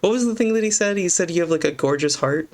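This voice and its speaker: A man co-hosting a podcast, chatting about an episode in an animated, playful way. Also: high voice, fast. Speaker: podcast co-host. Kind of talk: casual recap chat.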